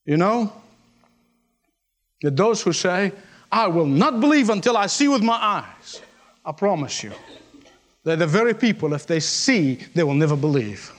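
High-voiced emphatic male preacher. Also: very animated, a little slow, long pauses. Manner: emphatic, repeats lines for effect, acts out quotes. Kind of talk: sermon.

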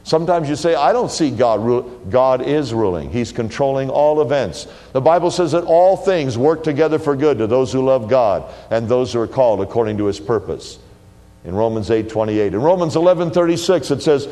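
Animated male preacher in a reverberant hall. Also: fairly quick. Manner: emphatic preaching, swinging from loud declarations to low quiet lines. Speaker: pastor. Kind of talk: sermon.

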